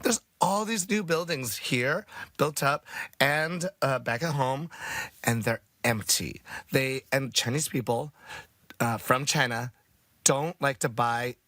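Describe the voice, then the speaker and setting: Bright, dry-voiced male podcast co-host. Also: mid-range voice, slow pace, dry recording. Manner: chatty, laughs often while airing complaints. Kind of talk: casual podcast chat.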